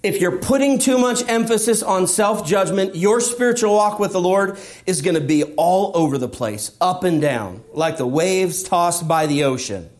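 A man's voice: high voice, animated, normal speed, hardly any pauses, darkish tone. A man preaching a sermon, speaking emphatically and asking rhetorical questions, sometimes acting out a believer's inner voice. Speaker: pastor.

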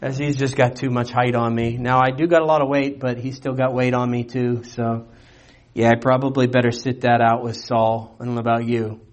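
A man preaching a sermon, animated and conversational, with rhetorical questions and playful asides. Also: medium pitch, fairly quick. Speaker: pastor.

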